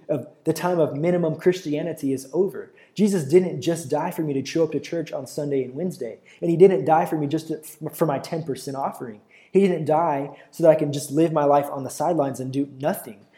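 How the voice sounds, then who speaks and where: A young man preaching a sermon with passion, at times crying out loudly. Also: fairly high pitch. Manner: impassioned, builds to loud cries when quoting.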